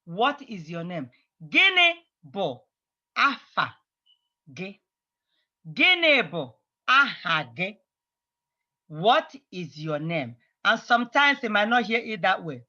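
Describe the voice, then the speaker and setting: Slow, bright-voiced teacher. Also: medium pitch, sing-song, muffled recording. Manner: patient, repeats phrases slowly for drilling. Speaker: language teacher. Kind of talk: online language lesson.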